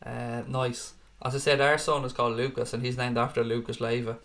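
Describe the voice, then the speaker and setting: Man, 30s, live-stream host, casual chat, blunt, swearing, middle pitch. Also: flat delivery, fairly quick, creaky, a bit bright. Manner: chatty, blunt, swears freely, calls viewers mate. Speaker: fan channel host reading live chat.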